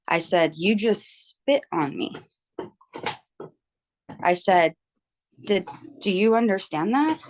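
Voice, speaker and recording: On a video call, a tired young woman from a book club candidly tells a story in casual chat, quoting people as she retells it. Her medium-pitched voice is expressive, and she speaks slowly with long pauses.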